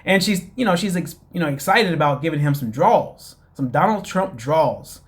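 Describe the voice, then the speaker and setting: Male host with a slightly high voice, loose and chatty, rambling through a TV gossip recap aimed straight at his viewers. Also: animated, normal speed. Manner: chatty, addresses listeners as "guys"; rambling with many fillers. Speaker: show host. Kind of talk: casual reality TV recap.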